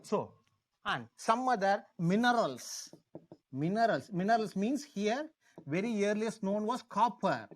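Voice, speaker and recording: A man's voice: high voice, expressive, unhurried. Man teaching with Indian English, repeating words. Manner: repeats key words, asks the class questions. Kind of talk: exam-prep history lecture.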